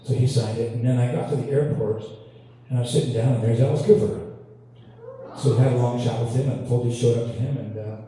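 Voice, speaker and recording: A man from Canada, a guitarist, tells self-deprecating stories from the stage with an easy, laughing delivery. His voice is dark and mellow. The sound carries a long, echoey hall reverb and is caught from a distance. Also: medium pitch, steady tone, fast talker. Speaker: guitarist telling stories between songs. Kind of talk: on-stage storytelling banter. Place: large hall with audience. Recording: echoey hall, distant mic, faint ambience.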